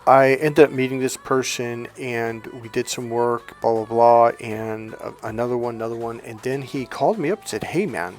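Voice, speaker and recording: A middle-aged life coach tells a personal story in a casual, chatty monologue, speaking at a medium pitch and normal speed with few pauses. He acts out the dialogue with lively shifts and swears casually.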